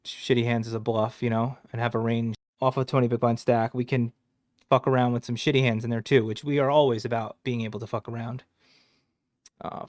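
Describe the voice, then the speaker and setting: A man's voice: mid-range voice, no echo, studio quality. A man casually reviewing his poker hands, joking crudely and swearing as he goes. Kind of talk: casual hand review commentary.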